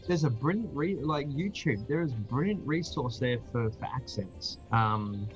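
An Australian man talks casually over a video call, chatty and quick to laugh, stumbling over fillers and restarts. Faint music plays underneath. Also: medium pitch, lively intonation, muffled recording. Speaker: guest. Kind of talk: casual chat.

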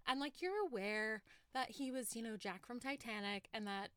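High-voiced animated woman chatting. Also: clean tone, dry recording. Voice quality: animated, laughing, quick asides. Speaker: podcast co-host. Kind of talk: casual film discussion.

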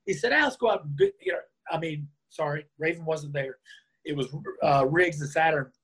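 Husky guy, bit high, telling an old story in an interview, doing everybody's lines. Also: moderate pace. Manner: lively anecdote-telling, acts out quoted lines. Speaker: interview guest. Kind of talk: storytelling in a conversation.

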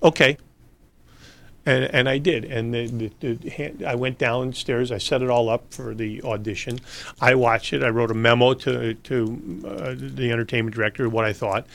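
A man's voice: mid-range voice, fairly even intonation, moderate pace, gravelly, a bit bright. A man telling long, rambling stories in a casual interview, laughing and restarting as he goes. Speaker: interview guest. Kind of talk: casual storytelling.

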